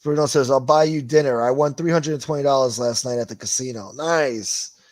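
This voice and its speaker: He speaks fairly quickly at a medium pitch, with no room sound. As a livestream host reading chat, he rambles through profane, casual talk, cursing a lot and laughing along.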